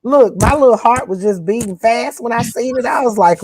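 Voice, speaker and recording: A woman from northern Louisiana with a northern Louisiana accent, co-hosting a podcast in casual chat, folksy and animated with old-fashioned country sayings. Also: on the high side, brisk, hardly any pauses, slightly rough, low-quality recording. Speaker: podcast co-host.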